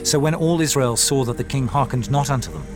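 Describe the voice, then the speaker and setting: Male narrator reading scripture over music. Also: mid-range voice. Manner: measured, formal reading. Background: faint music.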